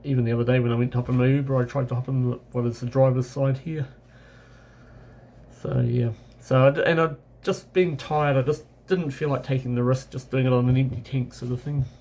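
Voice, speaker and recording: A man's voice: mid-range voice, little pitch movement, a little fast, a little mellow. A man from New Zealand with a New Zealand accent, telling a casual travel story in a rambling way, correcting himself as he goes. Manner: rambling anecdotal, with many self-corrections and fillers. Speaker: travel vlogger.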